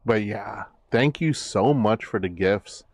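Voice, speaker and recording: Low, slow-talking male streamer. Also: no echo. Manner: rambling, many fillers and restarts. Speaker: VTuber streamer. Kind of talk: casual stream chat.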